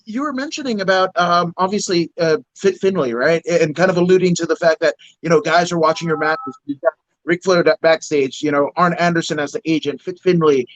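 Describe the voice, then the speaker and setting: A man's voice: fairly high pitch, a little fast, dry recording. A male co-host asking a long, hedging question that he keeps checking with "right?". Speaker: podcast co-host. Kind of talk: interview questions. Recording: dull, dry lo-fi sound.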